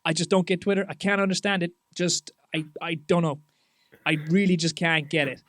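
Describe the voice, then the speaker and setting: A man hosting a podcast, chatting loosely with casual swearing and lots of halting restarts. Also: fairly high pitch, fairly even intonation, fairly bright tone, dry recording, studio quality. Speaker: podcast host.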